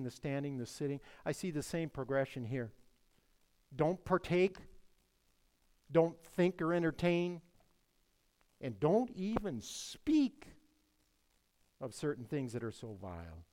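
A man preaching a sermon, swinging between hushed lines and loud emphatic ones. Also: on the high side. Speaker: pastor.

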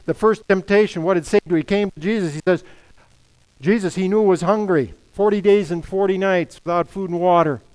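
A man's voice: sits high, a little fast, a little mellow, smooth, poor audio. A middle-aged man preaching a sermon as pastor, emphatic, firing off rhetorical questions and quoting scripture.

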